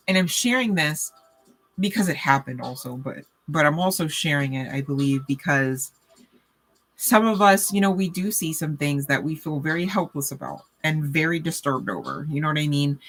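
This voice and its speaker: Bright-voiced chatty woman reader. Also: sits low. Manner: chatty, full of "you know" and "okay?" check-ins. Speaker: tarot reader. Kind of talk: casual spiritual reading talk.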